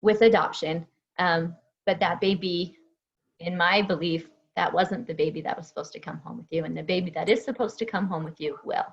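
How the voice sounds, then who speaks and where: Low-voiced woman host, lo-fi sound. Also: fairly quick, vocal fry. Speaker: podcast host. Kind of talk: interview talk. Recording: dull lo-fi audio.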